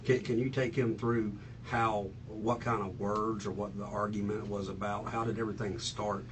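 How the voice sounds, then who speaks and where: A male police detective questioning a suspect in a calm, soothing way, stammering through his questions. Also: on the low side, moderate pace. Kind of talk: police interrogation. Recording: noisy interrogation room recording.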